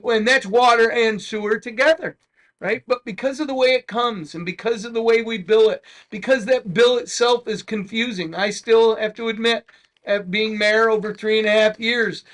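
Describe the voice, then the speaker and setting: A man's voice: sits high, a bit bright. A middle-aged man, a mayor, speaking at a public meeting in a rambling way, with many restarts and folksy asides.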